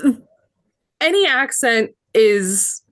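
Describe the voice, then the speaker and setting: A woman's voice: on the high side, lively intonation, slow pace, a bit bright, no echo, studio quality. A woman with an American accent, chatting casually on a podcast, explaining points frankly and patiently. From United States. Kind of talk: casual chat.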